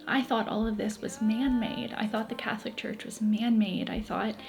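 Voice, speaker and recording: A woman sharing a heartfelt personal testimony in an earnest, emotional way. She repeats phrases as the story builds. Soft music plays faintly behind her. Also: fairly high pitch, level tone, normal speed, vocal fry. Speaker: Catholic convert telling her story.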